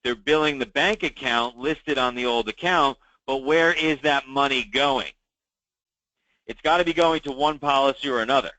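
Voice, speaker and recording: Male meeting host, mid-pitch, tense bright tone, chatty briefing style that repeats key points. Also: normal speed, dry recording, rough recording. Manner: conversational, many fillers, repeats key advice. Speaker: meeting host for insurance agents. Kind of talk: weekly call briefing.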